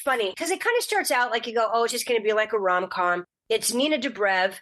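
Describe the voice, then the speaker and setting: In a casual podcast chat, a middle-aged guest actress rattles off stories at a fast clip. She's animated, leaping into high voices for the quotes.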